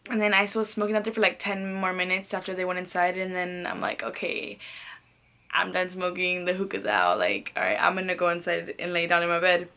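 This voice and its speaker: A woman's voice: fairly low pitch, expressive, fast, few pauses, bright, forceful tone. A young woman telling a casual storytime, rambling and swearing, with frequent "like" fillers and laughs between phrases. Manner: rambling, profane, peppered with "like". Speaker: vlogger.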